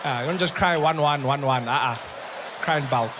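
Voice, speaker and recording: A man with a South African accent doing stand-up comedy on stage before a live audience, telling stories in an animated, playful way. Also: fairly high pitch, moderate pace, a crowd in the background, background noise.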